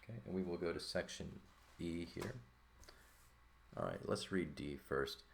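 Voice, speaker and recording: A man with a very low, gravelly voice explains a language lesson at an easy pace. He thinks out loud and keeps checking in with the listener. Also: a little slow. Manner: relaxed, thinking aloud with frequent "right?" checks. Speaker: Greek teacher. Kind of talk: casual lesson walkthrough.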